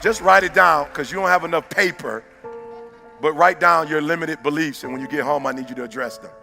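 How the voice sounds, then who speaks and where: Preaching man with a high voice. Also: fairly quick, gravelly, soft background music, a faint crowd. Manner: preaching, swings from shouting to low intense talk. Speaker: motivational speaker. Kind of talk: motivational speech.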